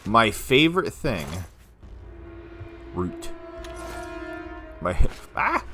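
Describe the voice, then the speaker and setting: A man's voice: mid-range voice, huge pitch swings, extremely slow, over music. A man giving casual let's-play commentary, rambling and talking to himself with frequent laughs. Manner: chatty, rambling self-talk with frequent laughs. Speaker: gameplay commentator.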